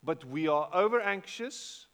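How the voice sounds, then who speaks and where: A middle-aged man with a South African accent, preaching a sermon in a conversational way, repeating words and breaking into animated bursts. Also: fairly high pitch, a little slow. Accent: South African English. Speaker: pastor. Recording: long hall reverb.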